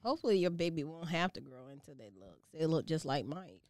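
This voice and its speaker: A laid-back woman with a low voice that rises and falls a lot, chatting and teasing her friend. She drops in fillers as she goes, recorded close and dry. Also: lively intonation, a little fast, darkish tone, dry recording. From Savannah, Georgia. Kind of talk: casual chat.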